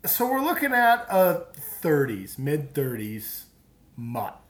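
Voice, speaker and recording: Man, casual profane chat, animated intonation, echoey room, phone mic. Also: on the high side, takes it slowly. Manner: profane, laughing, rambling banter. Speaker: podcast co-host. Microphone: phone app. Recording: roomy phone recording.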